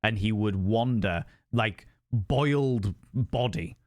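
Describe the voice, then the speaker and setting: A man's voice: lowish voice, slow, dry recording, studio quality. A man telling a ghost story on a live stream, sweary and rambling.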